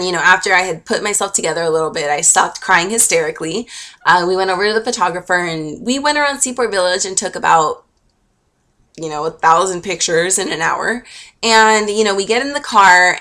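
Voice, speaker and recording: A woman's voice: lowish voice, pushed and bright. A young woman vlogger telling a personal story in a gushing, emotional, chatty way with lots of fillers. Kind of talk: casual storytelling to camera.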